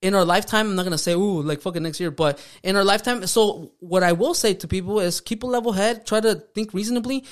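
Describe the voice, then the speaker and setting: Male co-host, high-pitched, loose and profane, slangy delivery with Spanish words mixed in. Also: fast, few pauses. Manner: heavy swearing, slangy, drops "fool" and Spanish words. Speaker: podcast co-host. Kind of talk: casual chat.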